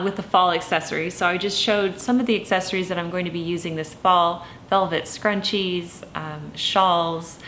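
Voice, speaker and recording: A woman in her thirties chats to her viewers in a gentle, rambling way, full of ums and you-knows. Her voice sits a little low for a woman. A faint rumble runs under the recording. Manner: tearful, emotional, laughing through tears. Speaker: lifestyle vlogger. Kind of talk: casual talk to camera.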